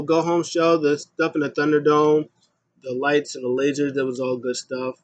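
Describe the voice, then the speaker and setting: A man's voice: a little high, flat delivery, normal speed, dull audio. Casual man reviewing, rambling with ums. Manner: rambling, many ums, mimics the ring announcer at big moments. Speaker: wrestling show reviewer.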